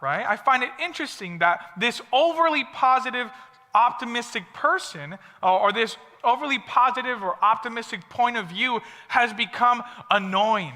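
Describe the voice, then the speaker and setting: A young man at a youth service gives a lively storytelling sermon, upbeat and chatty with many asides. His very high voice is pushed and bright, with lively intonation at a normal speed, and a big hall's long reverb trails after it.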